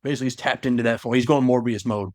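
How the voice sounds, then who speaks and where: A man's voice: mid-range voice, fairly even intonation, very fast, dry recording, studio quality. A young man co-hosting a podcast, retelling a story in a loose, rambling way with asides. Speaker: podcast co-host. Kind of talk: casual chat retelling a story.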